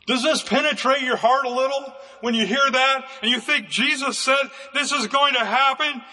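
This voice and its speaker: A man preaching a fervent sermon as pastor, with bursts of raised, shouting emphasis. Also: very high voice, fairly even intonation, normal speed, long reverb tail.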